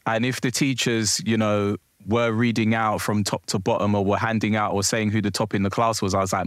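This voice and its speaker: A man's voice: lowish voice, level tone, a little fast, hardly any pauses, dry recording, clean studio sound. A young man, telling stories in a casual interview as guest, laughing easily and using frequent fillers. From South East London. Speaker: guest, cultural commentator.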